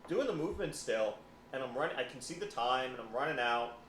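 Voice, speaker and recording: A man's voice: medium pitch, a little fast. Man in an echoey room telling stories. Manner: animated storytelling, repeats words. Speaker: psychotherapist guest. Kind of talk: casual podcast chat. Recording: echoey room with faint noise.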